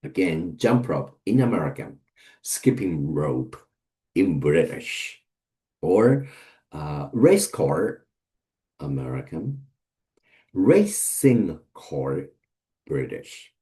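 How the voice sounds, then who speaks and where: A man's voice: low-pitched, sing-song, very slow, vocal fry, pauses often, warm tone. A man giving a casual vocabulary lesson, hesitant with many fillers as he lists word pairs one by one. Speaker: English teacher.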